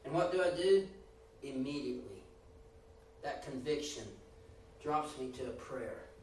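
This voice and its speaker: A man's voice: a little high, expressive, normal speed, darkish tone, slight background noise. A man preaching a sermon with rising and falling emphasis, acting out the voices he quotes. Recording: echoey room, voice from a distance.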